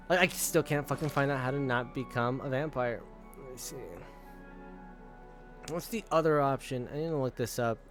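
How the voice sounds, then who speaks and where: A man's voice: medium pitch, measured pace, pauses often, a bit bright, faint music behind. A young man streaming, casually telling a rambling story with frequent laughs and swearing. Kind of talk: casual storytelling while gaming.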